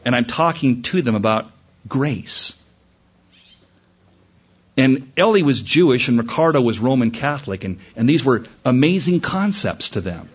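A man preaching a sermon, telling a story in a lively way and climbing higher in pitch when he stresses a point. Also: unhurried, breathy edge, highs cut off. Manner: animated, rising in pitch when emphatic. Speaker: pastor.

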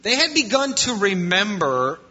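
A man preaching a sermon as pastor, swinging between loud passages and quiet ones. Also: high-pitched, very animated, unhurried, husky. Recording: lo-fi muffled sound.

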